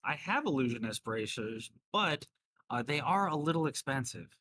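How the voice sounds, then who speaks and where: A man's voice: medium pitch, lively intonation, normal speed, pushed and bright, no room sound. A man voicing a small, eager young female shop assistant in a tabletop game, helpful and a little fussy. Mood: hesitant.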